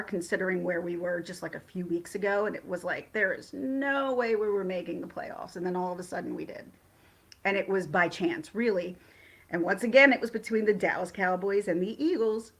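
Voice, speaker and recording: A woman hosting a casual livestream, chatting excitably and rambling with frequent restarts. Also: medium pitch. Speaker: livestream host.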